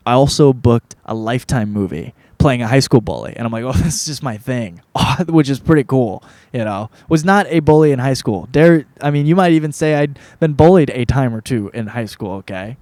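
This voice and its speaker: A man in his thirties hosting a podcast, talking through his story in a loose, meandering way with constant filler words and casual swearing. His voice sits at an ordinary middle pitch. The sound is close and dry. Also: lively intonation, normal speed, hardly any pauses, a little mellow, dry recording. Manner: rambling, profane, laid-back, lots of filler words. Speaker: podcast host.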